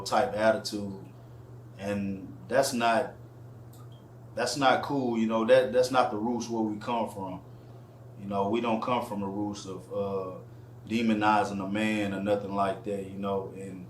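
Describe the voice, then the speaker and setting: A man's voice: fairly low pitch, a little hiss or hum. A man being interviewed who talks in a rambling way, with lots of fillers. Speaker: interview guest. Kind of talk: casual interview talk. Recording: echoey room with faint ambience.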